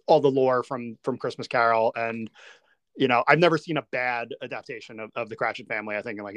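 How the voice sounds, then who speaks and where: A man's voice: mid-range voice, a bit bright, no room sound. Man, podcast host, casual, earnest, detailed retelling, dry sound. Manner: earnest, recounts scenes in detail. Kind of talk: casual chat.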